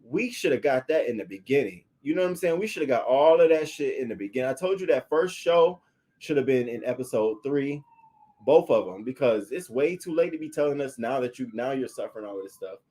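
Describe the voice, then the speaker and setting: A man reviewing a reality show in casual, profane commentary, answering viewers' comments and acting out what he would have said. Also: brisk. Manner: animated, profane, talks back to viewers' comments; acts out quoted lines in a higher, louder voice.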